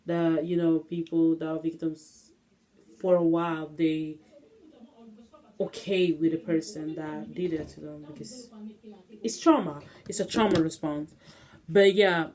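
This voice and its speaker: A woman's voice: sits low, fairly even intonation, unhurried, pauses often, darkish tone. A young woman hosting her own casual solo podcast, rambling and restless with many fillers, recorded on a phone. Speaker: podcast host. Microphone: phone camera.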